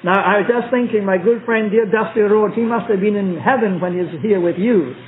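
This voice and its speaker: A man preaching a sermon in church as a visiting preacher, reading scripture slowly and repeating himself for emphasis. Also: high-pitched, a little hiss or hum. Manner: slow, emphatic, repetitive delivery. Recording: tinny phone-like old recording.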